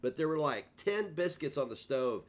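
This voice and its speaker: Male streamer, casual storytelling rant, lively pitch, profane and self-deprecating. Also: normal speed. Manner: rambling, profane, self-mocking.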